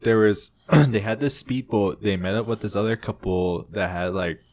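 A young man with a deep, low voice speaks in a casual podcast conversation. He rambles through his account, leaning on "like" and starting sentences over. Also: normal speed, a little mellow. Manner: rambling, filled with "like" and restarts. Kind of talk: casual storytelling chat.

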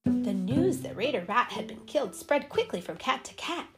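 A woman reading a children's story aloud, narrating in a lively, expressive way. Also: on the high side, moderate pace. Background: music.

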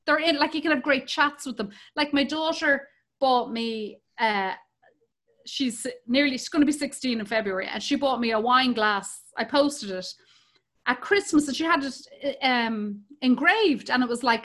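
An Irish woman in her forties, chatting casually and telling profane, lively stories about her kids. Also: sits high, normal speed. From Ireland. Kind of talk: casual chat.

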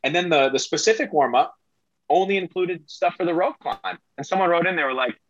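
A middle-aged man speaking as a podcast guest, rambling and excitable, with a self-deprecating manner. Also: sits high, brisk, dry recording, lo-fi sound. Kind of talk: casual interview talk.

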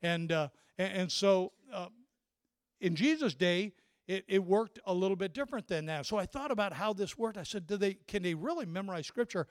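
A man's voice: high voice, lively intonation, normal speed, clear, resonant tone, no echo, clean studio sound. An older man, a grandfather, preaching a sermon in a storytelling way, often repeating and restarting his words. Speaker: pastor.

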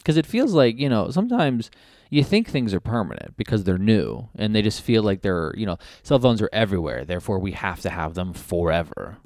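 A man riffs alone through a crude comedy monologue, drifting off his point and doubling back. His voice sits on the low side but swings up and down a lot. The sound is dry and close. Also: no room sound. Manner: rambling, crude, loses his train of thought. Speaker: podcast host. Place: his home.

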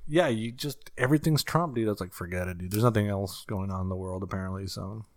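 A relaxed man with a lowish voice, chatting casually as a co-host. He drifts along in an easygoing way and tosses "dude" into nearly every sentence. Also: fast talker. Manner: laid-back, says "dude" a lot. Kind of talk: casual chat.

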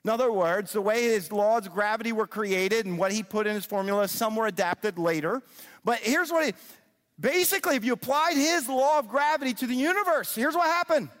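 A middle-aged man giving an animated sermon-style teaching, often checking in with his listeners. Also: high voice, brisk. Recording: long reverb of a large hall.

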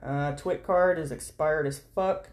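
Very low-voiced woman muttering and cursing. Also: measured pace, a little mellow. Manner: muttering to herself, swears often, reads listings aloud. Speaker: vlogger. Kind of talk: casual talk while job hunting online. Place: at home at a computer. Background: keyboard typing.

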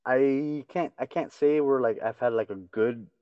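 A man talking casually as a guest, halting and restarting, swearing now and then. His voice sounds muffled and lo-fi. It is dry up close, with a faint lingering reverb. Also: medium pitch. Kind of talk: casual chat.

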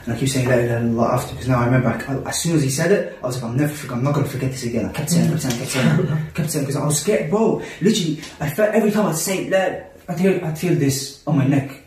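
A man's voice: medium pitch, racing, few pauses, a little mellow, slight background noise. A man telling an intense personal story in casual podcast talk, repeating himself and dropping in Arabic religious phrases. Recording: echoey room, mic at a distance.

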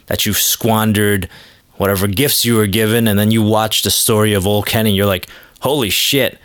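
A man with a fairly low voice rambles through a comedy podcast monologue, crude and self-mocking in an offhand way. The sound is dry and close, with no room around it. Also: no echo. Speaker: podcast host.

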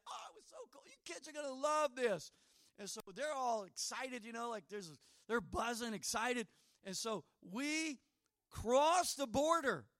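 A man's voice: high-pitched, no echo, clean studio sound. A middle-aged man preaching a sermon, telling personal stories and acting out the dialogue in them. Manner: storytelling, acts out dialogue, animated asides.

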